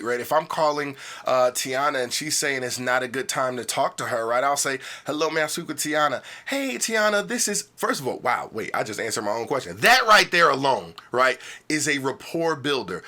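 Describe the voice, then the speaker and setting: Bright, animated man acting out sales calls. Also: mid-range voice. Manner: animated, acts out phone calls; laughs often, playful. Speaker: sales trainer. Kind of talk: podcast conversation.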